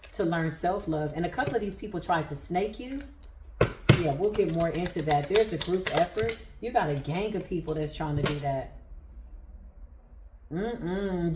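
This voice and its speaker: A woman's voice: on the low side, moderate pace, roomy sound, noisy background. A woman giving a spiritual tarot reading to viewers, speaking in an emphatic, preacher-like cadence. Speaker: tarot reader.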